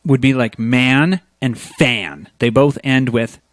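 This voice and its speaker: A man's voice: medium pitch, slow, no echo. A man co-hosting a casual podcast, explaining meter and rhyme in a teacherly way and checking in with "okay?" after his points. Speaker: podcast co-host. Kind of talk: casual podcast chat, explaining lyric theory.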